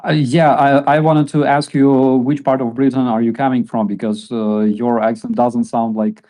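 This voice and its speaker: A man on a roundtable panel, talking in a halting way with many fillers. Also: mid-range voice, flat delivery, mellow. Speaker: regular panelist. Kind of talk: casual roundtable chat.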